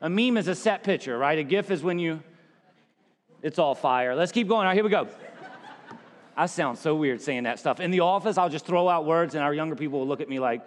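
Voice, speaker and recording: High-voiced pastor preaching in a hall. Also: male voice, lively intonation, brisk. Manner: conversational preaching with asides. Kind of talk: sermon.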